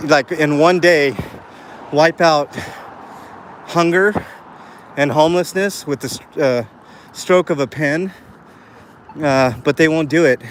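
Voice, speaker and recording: A man talking to his live chat as he walks down a city street, rambling earnestly with lots of fillers. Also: fairly high pitch. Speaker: live streamer. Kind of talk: walking live stream vlog. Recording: faint street noise outdoors. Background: street and traffic sounds.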